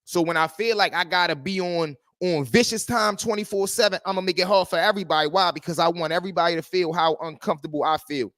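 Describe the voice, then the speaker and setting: A man hosts a livestream, telling street stories and commenting in a lively, repetitive street-talk manner. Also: sits high, fast, hardly any pauses, no room sound, clean studio sound. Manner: animated street talk, repeating phrases. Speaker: host.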